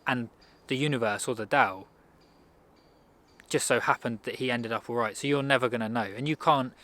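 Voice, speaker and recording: A man's voice: mid-range voice, normal speed, a bit bright. A man giving a casual self-improvement talk in a loose, rambling way, often restarting his sentences. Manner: rambling, conversational, frequent restarts.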